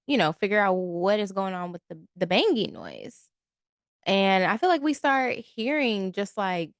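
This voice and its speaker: A woman's voice: medium pitch, clear, resonant tone, no room sound, clean studio sound. A woman co-hosting a podcast, chatting casually about a movie and acting out quotes from it. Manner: conversational, laughs easily, acts out quotes. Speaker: podcast co-host. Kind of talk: casual movie recap chat.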